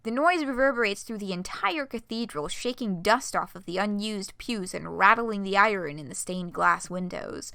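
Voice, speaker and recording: A woman's voice: medium pitch, expressive, moderate pace, vocal fry, few pauses, bright, forceful tone, smooth, no echo, studio quality. A young woman live-streaming a read-aloud of a fan story, swearing, laughing and gushing between passages.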